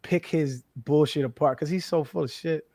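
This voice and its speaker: A man in his thirties from the western United States, a former football player speaking as a guest, telling candid, animated stories laced with profanity. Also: fairly high pitch, normal speed, no echo, studio quality. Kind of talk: casual conversational interview.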